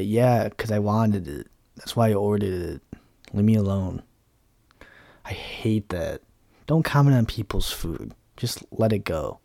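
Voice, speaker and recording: A young man rants in a loose, rambling monologue, blunt, sarcastic and quick to swear. His voice sits low with a mellow, warm tone. The sound is dry and close. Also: vocal fry, dry recording. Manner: blunt, sarcastic, profane, rambling with many fillers. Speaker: podcast host. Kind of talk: casual ranting monologue.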